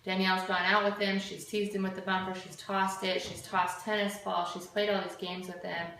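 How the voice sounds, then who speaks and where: A woman dog trainer giving a steady, explanatory lesson outdoors in a field. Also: medium pitch, normal speed, vocal fry. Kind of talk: instructional narration. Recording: echoey, from far off.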